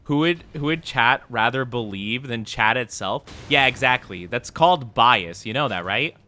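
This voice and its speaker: Lively, bright-voiced young male streamer. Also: mid-range voice, moderate pace, faint music behind. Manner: playfully mock-indignant, teasing. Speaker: video game streamer. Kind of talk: casual live-stream chat with viewers.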